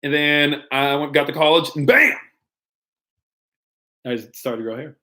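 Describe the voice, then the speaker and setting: A man's voice: fairly high pitch, unhurried, sharp tone. A young man, a youth pastor, casually answering viewer questions in a playful, rambling way with frequent laughs and ums. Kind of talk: casual live-stream Q&A.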